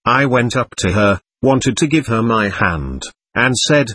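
A man reading a spiritual vision story aloud as narrator, in a solemn, measured way. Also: medium pitch, animated, a bit bright, breathy edge, no room sound. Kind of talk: scripted narration of a visionary text.

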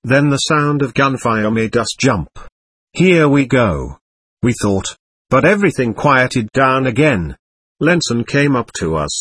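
A man reads a first-person war story in a measured, even way. His voice is husky and his pitch moves a lot. The recording is dry and close. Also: no echo. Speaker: audiobook narrator. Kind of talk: scripted narration.

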